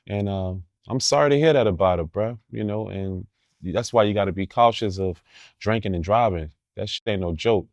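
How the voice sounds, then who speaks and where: A man with a fairly low voice talks in casual, profane street slang as an interview guest. His stories are animated and blunt, with laughs in between. The sound is close and dry. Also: moderate pace, dry recording.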